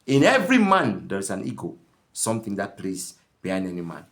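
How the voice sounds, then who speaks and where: A man's voice: lowish voice, huge pitch swings, a little fast. A man giving a lesson as a marriage counselor, telling stories with repeated words and restarts. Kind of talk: lecture with acted scenarios.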